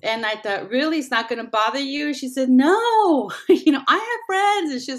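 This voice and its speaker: A middle-aged woman telling a heartfelt personal story as a guest in a conversation, acting out quoted dialogue with animation. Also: mid-range voice. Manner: earnest, heartfelt, animated when retelling dialogue.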